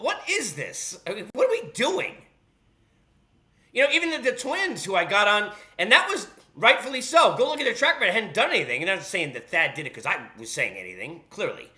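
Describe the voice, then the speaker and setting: Fired-up, high-pitched sports talk host. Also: male voice. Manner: heated, sarcastic, scolding fans; emphatic, animated delivery. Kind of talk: solo sports talk rant.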